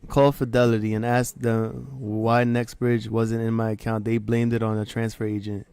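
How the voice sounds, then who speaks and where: A man's voice: medium pitch, flat delivery, moderate pace, darkish tone, clean tone, no echo. A man with a New York accent chatting casually on a livestream, laid-back, laughing and swearing often. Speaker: livestream host.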